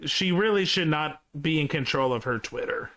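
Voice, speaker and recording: A man's voice: fairly high pitch, animated, moderate pace, bright, forceful tone. A young man hosting a reaction live stream, chatting casually and rambling with restarts. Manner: rambling, with frequent restarts and filler.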